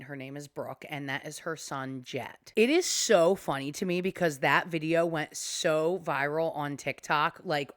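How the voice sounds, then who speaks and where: A woman's voice: low-pitched, a bit bright, no echo, studio quality. A young adult woman hosting a commentary podcast, ranting heatedly and swearing freely. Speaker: podcast host.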